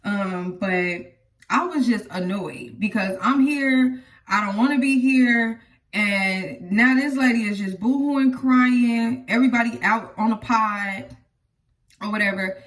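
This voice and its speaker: A woman's voice: mid-range voice, unhurried, a bit bright, distant mic. A woman telling her own story to viewers in a casual, chatty way, often speaking straight to them.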